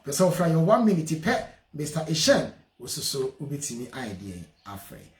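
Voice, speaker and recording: A man with a Ghanaian accent hosting a call-in radio show, talking in a lively way and switching between Twi and English. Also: on the high side, normal speed, echoey room. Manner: lively, switches languages, reads out names with a singsong refrain. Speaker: radio show host, solicitor.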